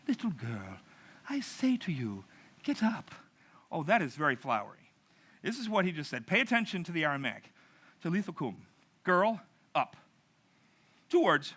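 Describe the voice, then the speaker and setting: Male preacher, middle-aged, lively storyteller, slightly high and bright. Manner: animated storytelling with acted-out voices. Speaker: pastor. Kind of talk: narrative sermon.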